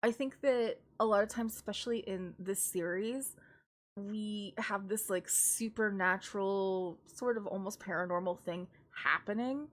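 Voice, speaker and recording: A woman with a mid-range voice reviews books casually on a live stream, speaking a little slowly. She's chatty and rambling, laughing often and frequently restarting her sentences.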